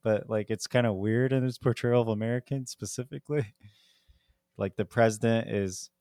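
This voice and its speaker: This podcast co-host is a man with a medium-pitched, warm, steady voice at a normal speed, recorded cleanly in a studio with no room sound. He chats casually about a movie, rambling with plenty of "like" and laughing often.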